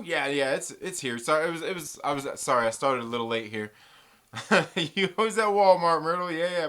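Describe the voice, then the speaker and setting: A bright, fairly high-pitched man from the West Coast hosts a casual live stream, reading chat messages aloud and joking around. His talk is loose and chatty, with a clear, forward tone. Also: moderate pace. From American West Coast. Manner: chatty, reads out viewer messages and jokes around.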